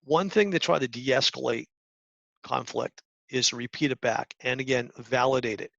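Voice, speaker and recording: A middle-aged man giving a talk to high school students, coaching earnestly with restarts and acted-out examples. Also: moderate pace, vocal fry, a bit bright, no echo. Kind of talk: presentation talk. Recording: dull lo-fi sound.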